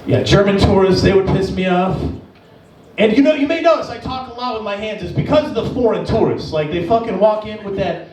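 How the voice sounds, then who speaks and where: A man works a comedy club stage with a high, bright voice, swearing freely and animated as he acts out his stories. He is picked up from a distance, and the room around him is echoey. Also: brisk, slight background noise. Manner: profane, animated, jumps into high-pitched impressions. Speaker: stand-up comedian. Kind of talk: stand-up set.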